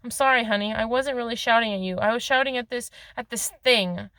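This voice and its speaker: A woman's voice: on the high side, fairly quick, dry recording. A woman voicing a frazzled, fed-up young mother. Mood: apologetic. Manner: shouting in exasperation, then weary and apologetic.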